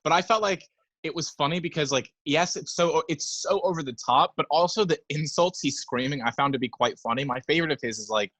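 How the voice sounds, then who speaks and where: A man's voice: a little high, brisk, a bit bright, no room sound. A young man co-hosting a casual film podcast, chatting enthusiastically and quoting movie lines. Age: young adult. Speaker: podcast co-host.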